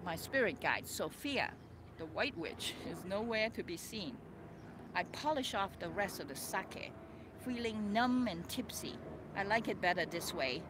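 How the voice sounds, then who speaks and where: A woman author reading her own memoir aloud, expressive and dramatic, breaking off for chatty asides. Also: on the low side, background noise. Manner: expressive, swings between soft and loud, chatty asides.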